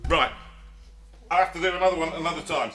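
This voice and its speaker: A man's voice: on the high side, fast talker. A man hosting a live music stream, bantering casually and reciting and singing a comic country song over his guitar. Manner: relaxed, jokey banter between songs. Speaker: singer and host of a live home stream. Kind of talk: chatty live performance with sung and recited song.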